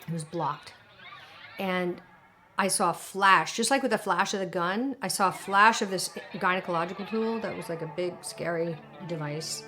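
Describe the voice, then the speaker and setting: A woman's voice: fairly low pitch, normal speed, sharp tone, slight background noise. A woman interviewed for a documentary, telling a vivid, emotional story with hesitations. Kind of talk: documentary interview recounting an experience.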